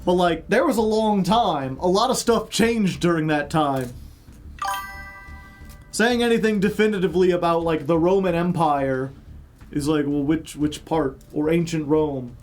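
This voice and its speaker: A man's voice: a little high, a little slow, faint music behind. A man who grew up in Chicago, chatting casually with stream viewers in a rambling way full of fillers and joking asides.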